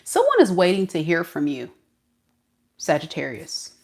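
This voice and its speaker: Lively, low-voiced woman reading tarot. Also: moderate pace. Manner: animated, laughing, acts out the other person's thoughts. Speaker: tarot reader.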